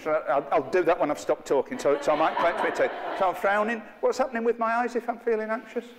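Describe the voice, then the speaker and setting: A man's voice: high-pitched, steady tone, quick pace, big-room sound, background noise. A middle-aged man, leading an interactive workshop with a live group in a chatty, playful, self-mocking way. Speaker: workshop trainer. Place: training room with a live group.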